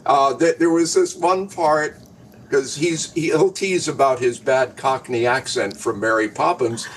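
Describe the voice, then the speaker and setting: An older man, a guest in casual chat, wry and joking with quick quips. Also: mid-range voice, slight background noise, poor audio.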